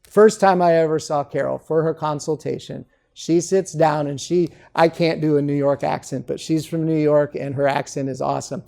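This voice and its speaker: A dentist being interviewed, telling patient stories in a casual way and often checking in with "okay?". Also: male voice, a little high, steady tone, normal speed, gravelly, hardly any pauses, darkish tone. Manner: storytelling, keeps adding "okay?". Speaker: dentist guest. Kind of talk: conversational interview.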